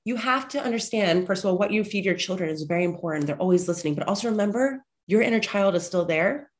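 A lively woman in her thirties talks straight to her listeners, weaving chatty family stories into a motivational pep talk. She sounds a little stuffed up, and she speaks bluntly, even swearing now and then. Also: mid-range voice, quick pace. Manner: animated, chatty storyteller, blunt and profane at times. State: slightly congested. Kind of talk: motivational monologue with personal stories.

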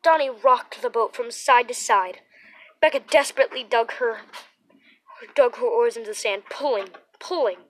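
A woman's voice: a little high, moderate pace, poor audio. A woman narrating a children's story aloud, reading it through with small restarts and repeated words. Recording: faint background noise.

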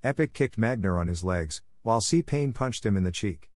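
Low-voiced man narrating a story. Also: expressive, normal speed, darkish tone, no echo, studio quality. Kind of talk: reading an action story aloud.

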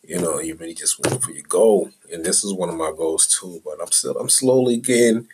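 A middle-aged man with a very low, husky voice talks off the cuff as a podcast host. His street-style chat is loose and profane, sliding from muttered asides into heated rants. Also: a little fast, a little mellow, low-quality recording. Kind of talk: casual rambling monologue.

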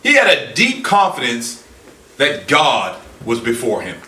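A man preaching a sermon in an animated way, acting out scripture in dramatic voices. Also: medium pitch, unhurried. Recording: echoey room from far off with faint ambience.

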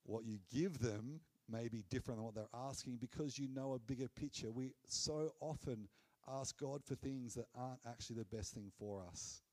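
A man preaches a sermon at normal speed in an earnest, conversational manner, dropping low and soft on key phrases.

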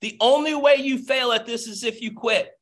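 A man giving a passionate motivational pep talk as a business coach, nearly yelling, over a video call. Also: very high voice, normal speed.

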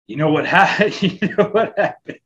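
A man's voice: high-pitched, animated, moderate pace, a bit bright, highs cut off. A man co-hosting a podcast, chatting casually and trading crude jokes. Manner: crude, joking banter. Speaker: podcast co-host. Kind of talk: casual chat.

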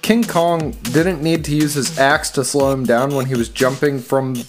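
A woman with a very low voice co-hosts a casual podcast. She asks incredulous questions and sometimes talks in fast bursts. Faint music plays behind her. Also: steady tone. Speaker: podcast co-host and editor. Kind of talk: casual banter.

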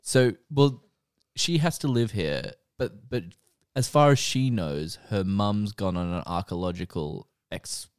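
Podcast co-host, young man, low-pitched and lively, dry close mic. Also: a little slow, smooth, dry recording. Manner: animated storyteller, swears freely. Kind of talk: casual chat.

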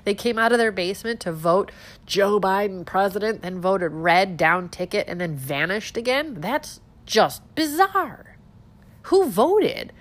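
A woman's voice: mid-range voice, moderate pace. Sarcastic stuffed-up woman hosting commentary. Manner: sarcastic, animated, rhetorical questions. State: stuffed-up nose. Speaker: political commentary host. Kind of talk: casual political commentary.

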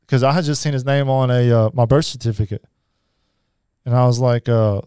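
A man telling his life story as a podcast guest, halting, with many fillers and restarts. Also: medium pitch, fairly even intonation, a little mellow, smooth, dry recording, clean studio sound. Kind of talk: personal storytelling.

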